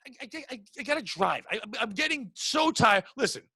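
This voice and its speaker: A man's voice: very high-pitched, brisk, breathy edge, dry recording. A man hosting a podcast, telling crude, rambling stories in casual chat. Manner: crude, rambling animated storyteller. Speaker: podcast host.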